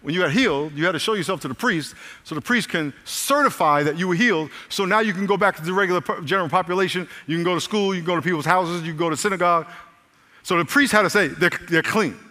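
Brief: male pastor, bright forceful delivery, raised voice, energetic sermon with audience call-outs. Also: sits high, fast talker, big-room sound. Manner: energetic, repeats lines, calls out to the congregation. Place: large church hall.

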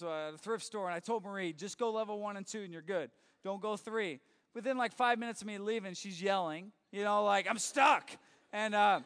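High, smooth-voiced man telling a story. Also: a bit bright. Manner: conversational, halting restarts, acts out quoted dialogue. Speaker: youth pastor. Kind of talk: personal storytelling. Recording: reverberant hall.

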